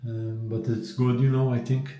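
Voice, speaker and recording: A man's voice: mid-range voice, normal speed, lo-fi sound. Chatty Maltese man touring a hotel room. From Malta. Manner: chatty, relaxed, thinks aloud with fillers. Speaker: travel vlogger. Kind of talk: casual vlog room tour.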